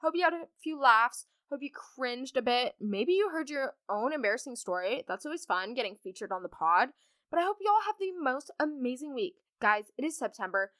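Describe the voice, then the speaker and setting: A woman's voice: high voice, expressive, fairly quick, fairly bright tone, no echo, clean studio sound. A young woman hosting a podcast, chatting casually through listener stories with lots of likes and ums. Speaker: podcast host. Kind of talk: casual storytime chat.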